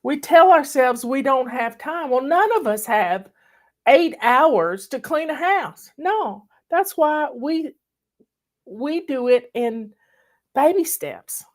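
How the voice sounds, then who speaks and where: Slow, teary woman host. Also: high-pitched, lively intonation. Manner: folksy, warm-hearted, emotional, drawling. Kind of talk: casual live video chat.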